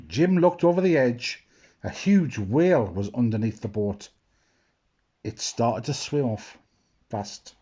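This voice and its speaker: A man slowly reading a children's picture book aloud, expressive and adding asides. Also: mid-range voice, slightly rough, muffled recording. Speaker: storyteller.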